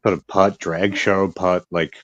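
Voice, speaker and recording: A man's voice: low voice, flat delivery, a little slow, a bit bright, no room sound, lo-fi sound. A man co-hosting a podcast in casual chat, wry and joking, laughing often. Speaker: podcast co-host.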